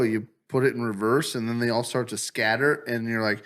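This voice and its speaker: A man's voice: medium pitch, steady tone, quick pace, few pauses, a bit bright. A man co-hosting a casual comedy podcast, telling stories full of swearing and laughter and acting out what he said at the time. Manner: profane, laughing storyteller who acts out his own lines. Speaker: podcast co-host. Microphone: studio podcast mic.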